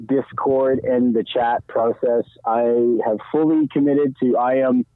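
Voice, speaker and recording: A man's voice: medium pitch, little pitch movement, a little slow, no room sound. A man calling into a podcast by phone, cheerful and joking about being bad with technology. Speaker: caller. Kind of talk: casual phone-in chat. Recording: tinny phone line.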